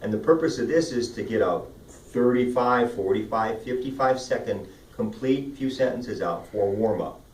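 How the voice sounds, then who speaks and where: A man coaching speech and debate students, upbeat and demonstrative as he walks through vocal warm-up drills. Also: medium pitch, normal speed. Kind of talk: instructional talk. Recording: roomy sound from a distant mic.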